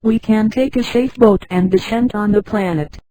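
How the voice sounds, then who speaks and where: A synthetic female voice reading the part of a practical female ship nurse planning an escape in a space storybook, in a flat machine delivery. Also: medium pitch, moderate pace, dry recording, close to an everyday voice, poor audio. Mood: scheming.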